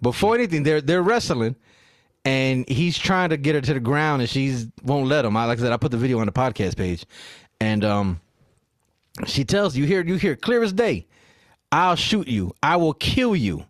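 A man hosting a podcast in casual chat, retelling a story in an animated way and acting out the quotes. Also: medium pitch, normal speed, dry recording, studio quality. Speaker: podcast host.

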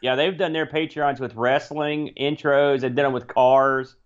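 A man's voice: mid-range voice, fairly even intonation, unhurried, smooth, dull audio. A man co-hosting a casual podcast, teasing his partner with dry banter over a remote line. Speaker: podcast co-host.

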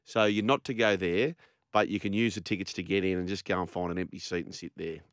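An Australian man hosting a sports radio show, telling stories in an animated, chatty way. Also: deep voice, fast, no room sound, clean studio sound. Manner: animated storyteller, laughing. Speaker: radio host.

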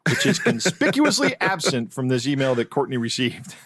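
A man's voice: mid-range voice, very animated, normal speed, a bit bright, slightly rough, no room sound. A man co-hosting a podcast, casually telling a scam story and acting out the quoted voices. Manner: storytelling, acts out quoted voices, laughs easily. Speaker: podcast co-host. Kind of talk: casual chat.

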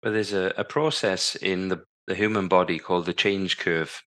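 A man's voice: sits low, steady tone, moderate pace, a bit bright. A man in his fifties, a podcast guest telling his story vividly and acting out the lines people said to him. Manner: vivid storyteller who acts out remembered dialogue. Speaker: guest, former Paralympic cycling champion.

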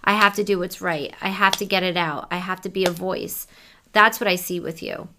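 A woman working as a psychic medium, softly relaying messages during a reading in a casual, conversational way. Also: on the low side, moderate pace, background noise.

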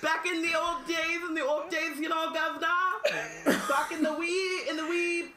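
A woman doing a loud, exaggerated mock-Cockney London man with a put-on accent that drifts toward Jamaican. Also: very high voice, level tone, moderate pace, roomy sound, voice pushed up. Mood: rowdy jokey. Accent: put-on mixed Cockney and Jamaican. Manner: loud, sing-song, exaggerated.

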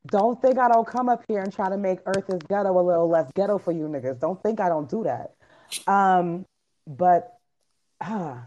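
A woman's voice: medium pitch, dark tone. A woman hosting a podcast in casual chat, talking bluntly and emphatically with plenty of slang. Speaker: podcast host. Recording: dull lo-fi recording.

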